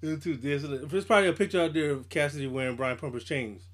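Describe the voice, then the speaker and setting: A man's voice: a little high, fast. A man co-hosting a podcast in casual chat, telling stories in slang and acting out what others said. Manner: animated storytelling, slangy, acts out quotes. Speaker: podcast co-host.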